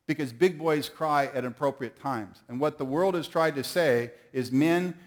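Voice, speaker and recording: A middle-aged man preaching a sermon, telling folksy stories and calling on the audience to answer. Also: fairly high pitch. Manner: folksy storytelling, calls on the audience.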